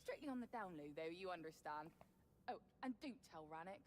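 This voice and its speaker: A woman's voice: lowish voice, animated, brisk, natural voice. An actress voicing a flirty, secretive female smuggler merchant in a video game. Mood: sly. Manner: sly, teasing and secretive.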